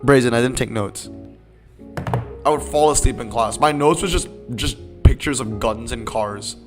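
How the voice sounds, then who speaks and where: A man's voice: mid-range voice, moderate pace, music in the background. A young man live-streaming a racing game, chatting casually and answering his chat in a rambling, laid-back way.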